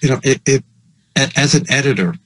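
A man hosts a video call, his voice husky and dry, with no room sound. He asks his questions with stammers and repeated words. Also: medium pitch, fairly quick, fairly bright tone, no room sound, poor audio. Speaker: host. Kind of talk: casual interview.

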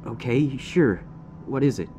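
A man's voice: mid-range voice, expressive, a little slow, warm tone, pitched above the performer's own voice, close to an everyday voice. A man voicing a monster that pretends to be a young stallion boyfriend and talks in a coaxing, pleading way. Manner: pleading, then threatening.

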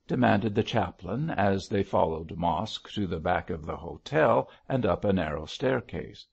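A man narrating an audiobook in a steady storytelling read. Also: low-pitched, measured pace, vocal fry, few pauses, breathy edge, lo-fi sound. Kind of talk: scripted narration.

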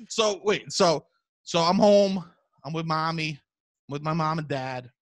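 A man, hosting a podcast in casual chat, loud and profane, telling animated stories. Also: a little high, unhurried. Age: 30s. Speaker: podcast host.

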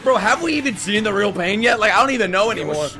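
A young man streaming his reaction to an anime, talking casually with loud, excitable outbursts and plenty of swearing. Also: high-pitched, fast talker, loud music behind the voice.

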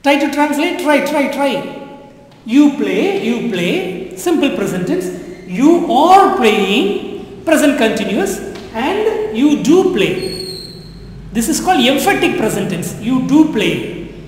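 This is a classroom-style French lesson from a woman whose voice is high and lively, her pace slow. Long reverb fills the echoey room while she repeats herself and encourages learners to translate.

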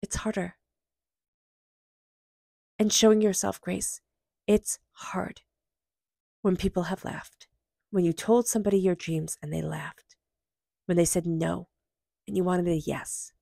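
A woman's voice: on the low side, flat delivery, a little slow, vocal fry, pauses often, dark tone, no echo, studio quality. A woman giving an intuitive tarot reading, earnest and emphatic, with soothing repeated affirmations. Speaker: tarot reader.

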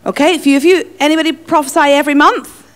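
A woman's voice: high-pitched, fairly even intonation, fast talker. A woman with an Irish accent, a guest speaker teaching a church audience in a playful, joking way. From Ireland. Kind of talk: teaching session.

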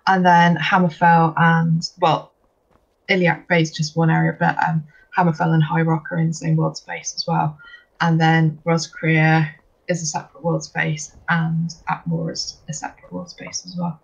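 Host, husky voice, Q&A explainer, lo-fi stream mic. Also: mid-range voice, steady tone, normal speed. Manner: explanatory, with frequent fillers. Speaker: stream host reading viewer questions. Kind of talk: casual stream Q&A. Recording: dull, lo-fi stream audio.

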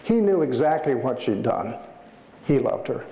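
A man, an author, giving a storytelling lecture in an animated way, acting out the people in his stories. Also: mid-range voice, moderate pace, vocal fry, highs cut off. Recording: echoey hall, faint ambience.

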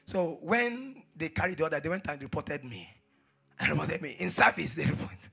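A man preaching a sermon, repeating phrases and swinging between hushed asides and shouted exhortations. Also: fairly high pitch, sing-song, a little fast, creaky, breathy edge.

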